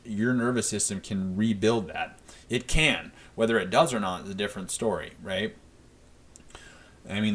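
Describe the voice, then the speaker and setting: A man's voice: on the low side, a bit bright. A man hosting a solo podcast, talking earnestly in a coaching tone, often tagging his points with "right?" and repeating phrases for emphasis. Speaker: podcast host.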